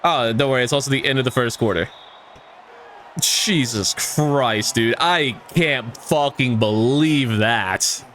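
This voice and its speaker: A man's voice: medium pitch, slow pace, fairly bright tone, slight background noise. A man giving casual gameplay commentary, swearing and ranting at the game with exasperation. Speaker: gaming YouTuber.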